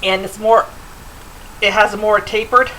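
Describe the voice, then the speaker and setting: A woman's voice: mid-range voice, steady tone, unhurried, pushed and bright, a little hiss or hum, rough recording. A middle-aged woman hosting a home cooking show, chatting loosely with fillers as she demonstrates in her kitchen.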